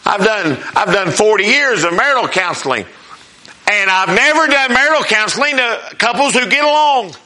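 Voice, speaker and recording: Older pastor preaching, folksy and storytelling, high-pitched voice. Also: male voice, lively intonation, moderate pace. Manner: folksy storytelling preacher, swings between soft and loud. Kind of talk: sermon.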